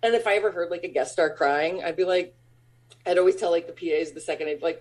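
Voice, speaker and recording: A woman who is an actor and stand-up comic, telling stories in a casual interview. She talks in a chatty, animated way with many fillers, laughs often and acts out other people's lines. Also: on the low side, fast.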